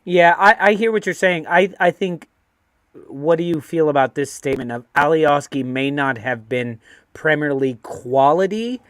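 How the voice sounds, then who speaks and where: A man's voice: on the high side, normal speed, a bit bright, no echo. A man hosting a football fan chat show, upbeat and teasing, stretching words for emphasis. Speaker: host. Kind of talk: casual chat.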